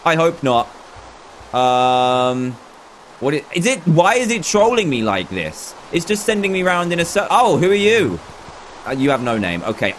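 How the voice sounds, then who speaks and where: Excitable man narrating his gameplay. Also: on the high side, a little hiss or hum. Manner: excitable, dramatic running self-talk. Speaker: gaming YouTuber. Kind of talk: Let's Play commentary.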